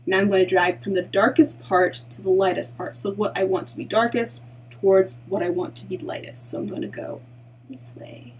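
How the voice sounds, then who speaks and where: A woman narrating a casual digital art tutorial in a chatty way, often dropping into soft half-whispered asides to herself as she works. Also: medium pitch, fairly even intonation, brisk, hardly any pauses, a little hiss or hum, low-quality recording. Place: at home at her computer.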